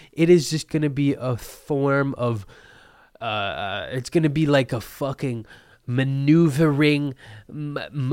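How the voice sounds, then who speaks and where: Male podcast host, slow drawl, dry close sound, manic and profane, phlegmy throat. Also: a little high, clean tone, no echo. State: phlegmy throat after illness. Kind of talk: rambling solo podcast.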